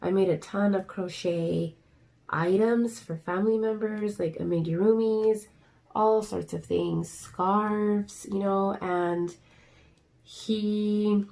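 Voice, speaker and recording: A young adult woman, a craft vlogger, chats casually while diamond painting, rambling and ranting with plenty of fillers. Her medium-pitched voice is warm and creaky, with a steady tone and slow delivery.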